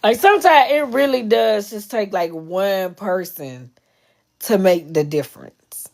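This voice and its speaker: A woman talks casually to her viewers on a live stream. She is candid and chatty and swears freely, in a voice of middle pitch. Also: unhurried, vocal fry. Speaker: medium live-streaming to followers. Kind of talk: casual chat.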